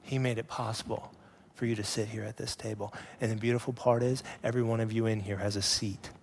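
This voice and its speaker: A man in his thirties, a pastor preaching a sermon with animated storytelling that drops to hushed emphasis. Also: on the low side, quick pace, a little hiss or hum.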